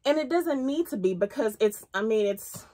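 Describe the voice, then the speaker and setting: A woman in her thirties chatting casually as she reviews a candle, excitable and full of ums. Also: a little high, normal speed. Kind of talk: casual chat.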